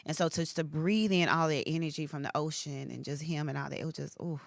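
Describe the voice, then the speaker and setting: A woman co-hosting a podcast, telling a heartfelt personal story in a soft, emotional, conversational way. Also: low voice, steady tone, fast talker, creaky, no echo, clean studio sound. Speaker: podcast co-host, hairstylist. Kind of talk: casual chat.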